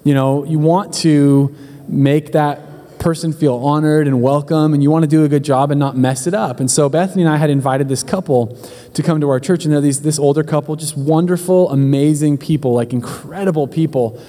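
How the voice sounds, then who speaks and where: A man's voice: a little high, steady tone, fairly quick, mellow, in a large hall. A man preaching as a pastor, telling a humorous story in a chatty, joking way and speaking straight to his congregation. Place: church hall.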